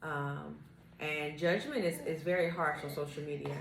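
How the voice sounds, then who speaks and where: A young woman co-hosting a casual podcast chat, relaxed with lots of fillers and restarts. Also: sits low, normal speed, creaky, echoey room, rough recording. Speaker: podcast co-host.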